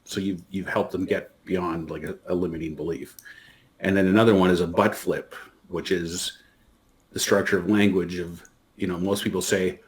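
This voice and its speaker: A man's voice: deep voice, flat delivery, moderate pace. A man co-hosting a podcast, chatting casually and rambling through a story with lots of restarts. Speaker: podcast co-host. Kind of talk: casual chat.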